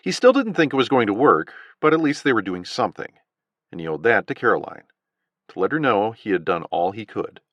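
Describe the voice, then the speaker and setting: Low-voiced man narrating expressively. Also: sing-song, a little fast, dry recording, muffled recording. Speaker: audiobook narrator. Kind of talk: scripted narration.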